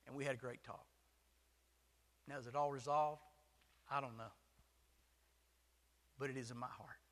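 A man's voice: medium pitch, fairly even intonation, normal speed, a bit bright. A male pastor preaching a sermon in a folksy, self-deprecating style with jokes, in a church sanctuary. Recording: long hall reverb.

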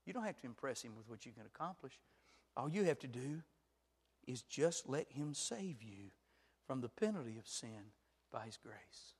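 A man preaching a sermon as pastor, moving from quiet storytelling to loud, shouted passages. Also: medium pitch, big pitch swings, moderate pace, slightly rough, in a large hall.

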